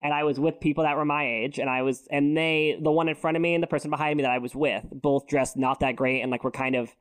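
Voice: mid-range voice, steady tone, fast. A non-binary co-host in loose, casual podcast chat. They ramble through stories and scatter "like" as they go. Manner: rambling storyteller, heavy use of "like". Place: podcast recording.

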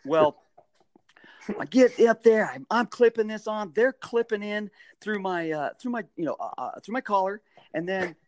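A middle-aged man telling a story in a casual interview, animated, jumping into high-pitched bursts when he acts out what people said. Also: moderate pace, dry recording, clean studio sound. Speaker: guest, stadium mascot performer.

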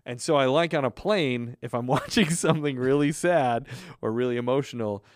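A man's voice: mid-range voice, normal speed, no room sound, studio quality. A man co-hosting a casual podcast, telling stories in a chatty way and laughing often. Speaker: podcast co-host. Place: California.

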